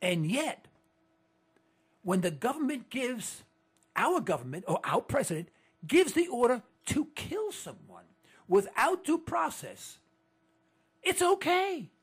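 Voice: high voice, sing-song, takes it slowly, long pauses, slightly rough. A political commentator delivering an indignant monologue to listeners, full of rhetorical questions and stammered restarts.

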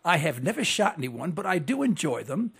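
A middle-aged man from New York hosting a call-in radio talk show, speaking formally, slowly and deliberately. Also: on the high side, big pitch swings, gravelly, a bit bright, breathy edge.

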